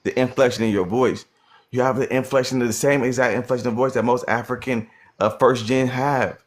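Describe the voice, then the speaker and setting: A man's voice: medium pitch, fairly even intonation, fairly quick. A man arguing on a live stream, insistent and repeating himself. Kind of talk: heated live stream argument.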